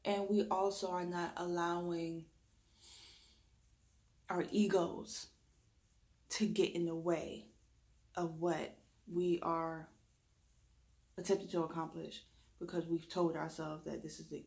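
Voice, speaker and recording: Reiki lady coaching hard, repeats herself, kinda gravelly fry in her voice. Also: on the low side, fairly even intonation, moderate pace, warm tone. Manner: emphatic, repetitive coaching with laughs. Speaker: reiki practitioner. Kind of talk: spiritual guidance talk.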